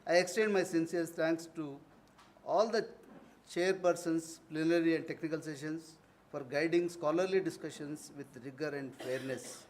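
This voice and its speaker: A man delivers a formal vote of thanks in a university conference hall. His voice sits slightly high. He is earnest and ceremonial, and he breaks off now and then for warm personal asides. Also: steady tone, moderate pace, a little hiss or hum. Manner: earnest, formal phrasing broken by warm anecdotes.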